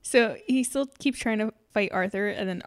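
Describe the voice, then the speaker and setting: A woman's voice: mid-range voice, moderate pace. A woman recapping a comedy movie in casual chat, giggling and loose with fillers.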